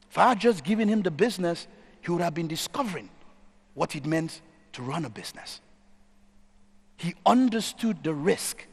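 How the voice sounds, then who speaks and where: Gravelly man telling a story on stage. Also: a little high. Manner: storytelling, emphatic repetition. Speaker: keynote speaker. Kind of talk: conference keynote storytelling. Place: conference stage in a large hall. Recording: hall reverb.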